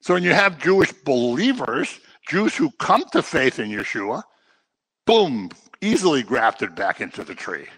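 Lively, bright-voiced male preacher. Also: medium pitch, measured pace, slightly rough. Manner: dramatic, swings between loud emphasis and quiet asides. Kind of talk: sermon.

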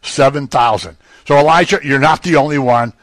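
A man's voice: mid-range voice, fairly quick, a bit bright, no room sound. A man preaching a sermon in a conversational teaching manner, rising emphatically on key phrases. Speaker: pastor.

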